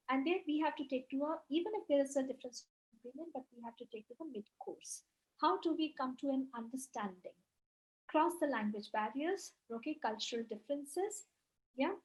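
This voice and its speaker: A woman's voice: high voice, a little mellow, low-quality recording. A woman giving an online webinar lecture, explaining at length with many fillers and frequent "right?" check-ins. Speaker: webinar speaker. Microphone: video call.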